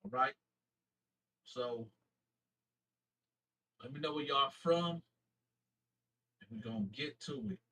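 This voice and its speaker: A man from Flint, Michigan, hosting his YouTube channel, casually shouting out viewers in slangy talk and stumbling over names as he corrects himself. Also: medium pitch, recorded from a distance, slight background noise, low-quality recording. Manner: slangy, halting name reading with self-corrections.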